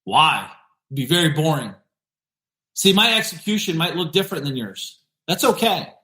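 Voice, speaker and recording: A male podcast host giving an energetic, emphatic motivational business talk, repeating punchy phrases. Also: fairly high pitch, moderate pace, reverberant.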